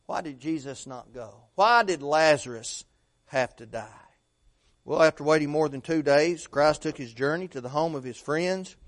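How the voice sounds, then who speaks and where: A middle-aged man preaching a sermon, asking rhetorical questions and swinging between loud emphasis and hushed tones. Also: on the high side, normal speed.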